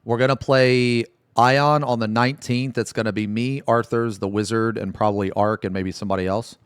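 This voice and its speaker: A man's voice: mid-range voice, fairly even intonation, normal speed, clean tone, no echo, clean studio sound. A man livestreaming, chatting casually with viewers in a rambling way, often laughing and swearing.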